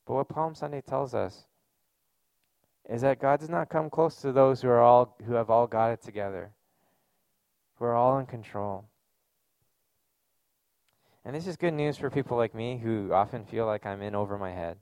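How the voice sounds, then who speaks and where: Man preaching with a gravelly edge. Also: medium pitch, moderate pace, long pauses, a little mellow, no room sound. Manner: conversational, earnest preaching with casual fillers. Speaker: pastor. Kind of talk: sermon.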